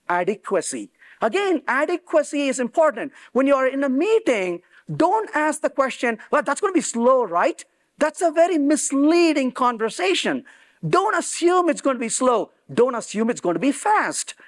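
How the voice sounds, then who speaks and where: A man giving a technical conference talk in an emphatic way, acting out quoted dialogue. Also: very high-pitched. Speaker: conference speaker. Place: conference venue.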